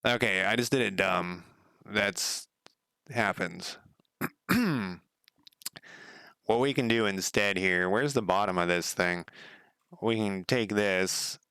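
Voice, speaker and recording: Brief: low-pitched male streamer, gravelly and bright, loose swearing coding chatter. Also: slow pace, long pauses, no echo. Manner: rambling, profane, laughs at himself. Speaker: game developer streaming his work. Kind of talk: casual live-coding commentary.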